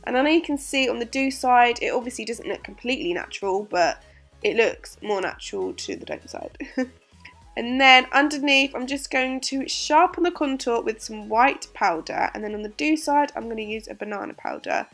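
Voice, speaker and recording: A woman vlogger narrating a casual makeup tutorial, chatty and giggly, her voice hoarse from being unwell. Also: fairly high pitch, big pitch swings, normal speed, a bit bright, soft background music. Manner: chatty, giggly, frequent ums. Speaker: beauty vlogger.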